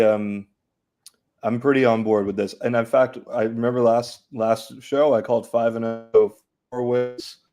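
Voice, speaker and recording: A man's voice: fairly low pitch, warm tone. A man co-hosting a casual sports talk show who speaks hesitantly, with many fillers, before making a firm point. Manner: hesitant, filler-heavy, then emphatic. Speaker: podcast co-host.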